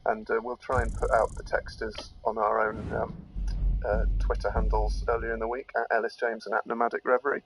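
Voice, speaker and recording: A man's voice: fairly low pitch, level tone, brisk, background noise. A man co-hosting a comedy podcast, playful and rambling as he jokes. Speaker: podcast co-host.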